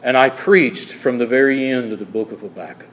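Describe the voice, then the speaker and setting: A man preaching a sermon as pastor, telling stories that drop soft and then rise emphatic. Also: medium pitch, brisk. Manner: storytelling, dropping soft then rising emphatic. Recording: long hall reverb.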